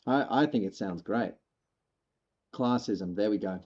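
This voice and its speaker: A man's voice: on the low side, unhurried, a little mellow, breathy edge, muffled recording. A man from Australia with a partly Americanized Australian accent, chatting casually and musing while he streams a game, swearing now and then. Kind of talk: casual live-stream chat while playing.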